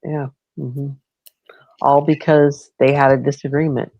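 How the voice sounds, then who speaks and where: A woman's voice: sits low, a little slow, muffled recording. A woman hosting a livestream, chatting in a gossipy, profane way. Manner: gossipy, profane, animated retelling. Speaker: streamer host. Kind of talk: casual livestream chat.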